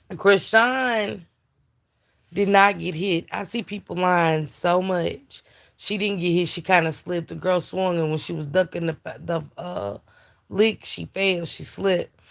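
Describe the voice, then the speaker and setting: A woman's voice: fairly low pitch, fairly even intonation, unhurried, gravelly. A tired woman hosting a casual live stream, chatting about celebrity gossip and greeting viewers in chat. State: tired, yawning. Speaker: livestream commentator.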